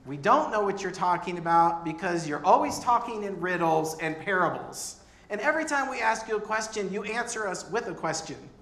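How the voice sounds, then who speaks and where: A man's voice: sits high, extremely slow, bright, forceful tone, full character voice. A man voicing a puzzled male disciple who bluntly admits he is lost, with a hesitant manner. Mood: exasperated. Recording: echoey room.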